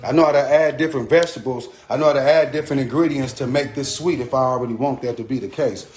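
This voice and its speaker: A man's voice: medium pitch, fast talker, darkish tone, faint music behind. Chatty man cooking in an echoey kitchen. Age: adult. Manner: loose and chatty, repeats a catchphrase, greets commenters. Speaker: home cooking host. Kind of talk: casual live cooking stream, chatting to viewers. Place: home kitchen.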